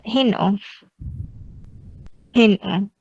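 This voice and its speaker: A woman's voice: mid-range voice, very slow, gravelly, a little mellow, breathy edge, no echo. A young woman with a Waray Filipino accent teaches a class online, switching between English and Waray and asking students questions. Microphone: laptop mic on a video call. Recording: dull, dry video-call audio.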